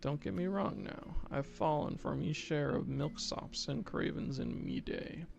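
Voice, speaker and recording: A man's voice: a little high, measured pace, vocal fry, dull audio, music in the background. A man voicing a worldly, blunt older woman who talks in folksy dialect. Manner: folksy, blunt, with 'ye', 'me' and 'aye'.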